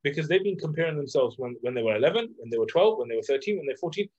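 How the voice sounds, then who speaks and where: A middle-aged man, a coach, talking casually about self-love with lots of fillers and lively examples. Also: fairly high pitch, very fast, slightly rough. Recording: dull lo-fi sound.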